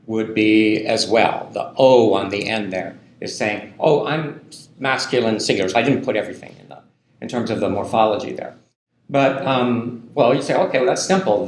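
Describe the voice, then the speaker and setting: A man giving a university linguistics lecture in a loose, conversational way, full of ums and tag questions. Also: on the low side. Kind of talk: classroom lecture. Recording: echoey lecture hall.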